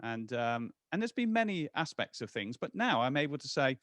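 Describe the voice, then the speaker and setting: A man's voice: mid-range voice, normal speed, no echo. A man in his forties, a guest talking in a casual interview with lots of restarts. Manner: animated, restarts often.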